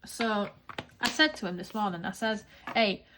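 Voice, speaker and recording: An English woman rambles through a casual vlog chat, animated and quick to swear. Her voice sits at an ordinary middle pitch. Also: noisy background. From England. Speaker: craft vlogger. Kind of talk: chatty vlog monologue.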